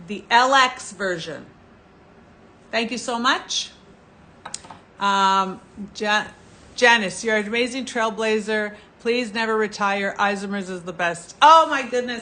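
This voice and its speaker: Bright, eager middle-aged woman selling skincare. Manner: enthusiastic, chatty sales pitch. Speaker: skincare brand presenter. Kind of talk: live home-shopping presentation. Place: TV shopping studio.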